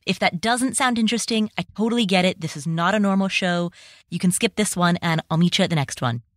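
A woman hosting her own podcast, talking on her own in a nervous, quick, self-deprecating way with small jokes. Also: lowish voice, dry recording, studio quality. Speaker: podcast host. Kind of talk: personal solo podcast talk.

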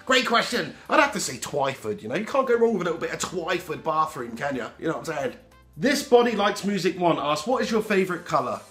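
A young man with a heavy head cold, answering fan questions in a lively, sweary vlog. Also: a little high, fairly quick, faint music behind. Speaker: football fan vlogger. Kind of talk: casual Q&A vlog.

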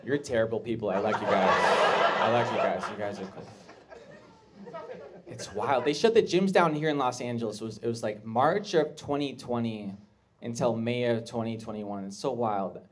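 A man doing a stand-up comedy set, talking in an awkward, halting way with restarts and jumping up into shrill voices when he quotes people. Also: some chatter behind. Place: comedy club stage with live audience. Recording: clear live audience laughter.

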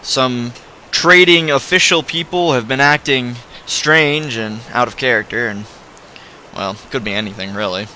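Brief: male let's-play host, bright tone, chatty and rambling with self-corrections. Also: medium pitch, measured pace, a little hiss or hum. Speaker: video game player.

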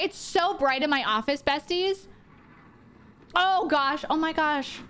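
Excitable woman streamer, squealing highs. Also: a little hiss or hum. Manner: excitable, jokey, swearing, pitch jumping into squeals. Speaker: streamer playing a horror game. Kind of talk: live gameplay commentary. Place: home office.

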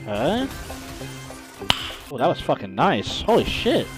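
A man's voice: a little high, huge pitch swings, takes it slowly, music in the background, rough recording. A man streaming a video game, giving casual commentary in a brash, profane, trash-talking way.

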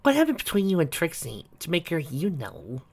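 A man's voice: a little high, wildly swooping pitch, fairly quick, gravelly, breathy edge, pitched above the performer's own voice, exaggerated voice. A man voicing an earnest young female unicorn pony who speaks a little hesitantly.

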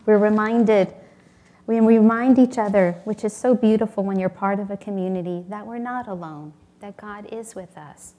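A woman's voice: medium pitch, normal speed, warm tone. A woman giving a sermon at a spiritual community temple, earnest and storytelling, acting out little voices in her anecdotes.

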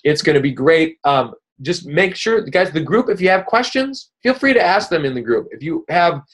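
A man's voice: fairly high pitch, sing-song, normal speed. A man hosting a weekly coaching call, talking casually and upbeat, rambling with many fillers and restarts. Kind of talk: casual motivational coaching talk.

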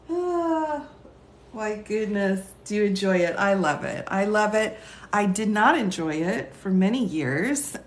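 A woman hosting a live stream takes her time and chats easily, laughing often as she reads viewer comments and answers them like a teacher. Her voice sits in a middle range, and the room gives it a noticeably roomy echo. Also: mid-range voice.

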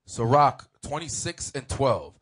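A man reading scripture aloud during a service, slow and measured. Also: mid-range voice, very animated, fairly bright tone, slightly rough. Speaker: scripture reader.

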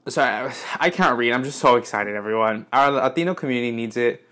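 An excitable young man in his twenties, talking through a casual unboxing vlog at home. His voice sits in a middle pitch, drops lower and quieter for asides, and shoots into high squeals when he's delighted. He swears freely. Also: fast talker. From United States. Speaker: YouTuber opening fan mail. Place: indoors at home, apartment.

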